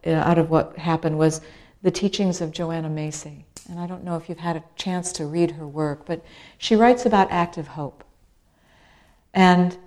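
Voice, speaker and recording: A middle-aged woman, an author, tells a personal story in a talk with rhythmic repetition and lively shifts as she acts out other people's words. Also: on the low side. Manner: animated storyteller, acts out quoted voices; repeats phrases for rhythm. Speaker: author and speaker.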